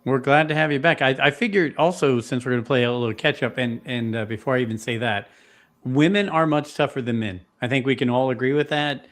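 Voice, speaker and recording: A man's voice: medium pitch, brisk, fairly bright tone. A man hosting a podcast and welcoming his co-hosts in casual chat. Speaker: podcast host.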